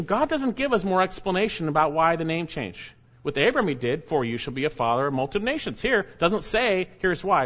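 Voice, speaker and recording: A man's voice: on the high side, fairly bright tone, dull audio. A man, a pastor, preaching a sermon verse by verse, reading scripture aloud and adding emphatic asides to his listeners.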